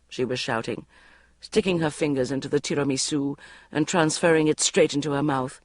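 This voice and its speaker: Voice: mid-range voice, a little fast, no echo, studio quality. A narrator reading a comic novel in the first person with a wry storytelling manner. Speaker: audiobook narrator.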